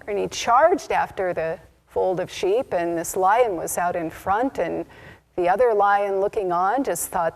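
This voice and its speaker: A woman minister leading a Sunday service, telling a parable in a slow, deliberate, reflective way. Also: medium pitch, vocal fry, a little mellow. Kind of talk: sermon storytelling. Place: spiritual community service.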